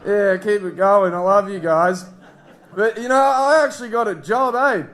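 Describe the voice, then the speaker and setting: A young Australian man doing stand-up with a high-pitched voice that rambles crudely and breaks into laughter at his own lines. He is heard from a little way off the mic. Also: normal speed, a bit bright. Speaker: stand-up comedian. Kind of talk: stand-up comedy set. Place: live comedy club stage.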